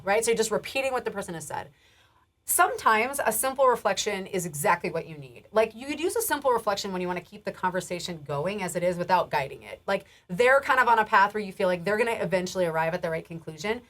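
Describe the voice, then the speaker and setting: Fast and animated, this medium-pitched woman gives a recorded health training lecture in a relaxed, warm, chatty manner. She laughs frequently, restarts often, leans on fillers, and her phrases end with a rising lilt.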